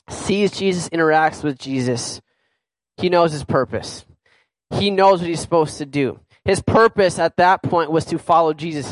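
Male preacher, high voice, dry close sound, wry then earnest scripture reader. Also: no room sound, rough recording. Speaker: pastor. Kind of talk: sermon with scripture reading.

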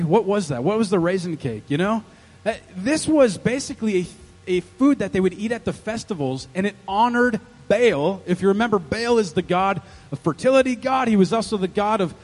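A male pastor preaching a sermon in an animated, joking way, quizzing the congregation with questions. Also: high-pitched, in a large hall. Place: church sanctuary.

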